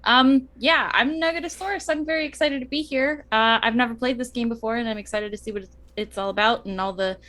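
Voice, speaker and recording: Brief: bright, higher-voiced eager woman, distant mic. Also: fast talker, hardly any pauses. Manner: eager, upbeat. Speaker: player. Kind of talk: casual chat.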